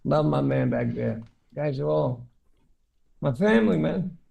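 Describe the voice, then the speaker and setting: A man's voice: a little high, expressive, a little slow, gravelly, dark tone. A man co-hosting a live stream in casual chat, rambling and swearing freely, affectionate toward his friends.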